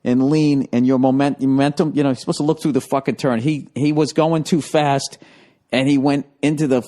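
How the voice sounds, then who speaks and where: A man's voice: medium pitch, brisk. A man hosting a podcast, telling a story in a casual, profane, comic way. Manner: profane, animated, breaks into laughter. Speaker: podcast host.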